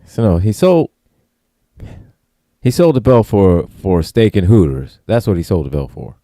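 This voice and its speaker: A man's voice: lowish voice, very animated, unhurried, dark tone, no echo, studio quality. A man co-hosting a livestream, complaining in a laid-back but profane way. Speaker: co-host. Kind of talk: casual livestream banter.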